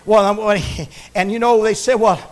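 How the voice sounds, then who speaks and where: A man preaching a broadcast sermon, swinging between shouted exhortation and low murmurs, with repeated words and halting restarts. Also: steady tone. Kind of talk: Pentecostal-style broadcast sermon.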